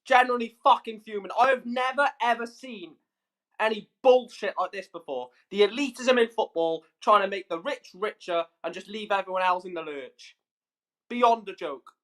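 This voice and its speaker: A man's voice: high voice, moderate pace, fairly bright tone. Furious swearing man ranting. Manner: furious, swearing, emphatic repetitions. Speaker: YouTube streamer. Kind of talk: angry livestream rant.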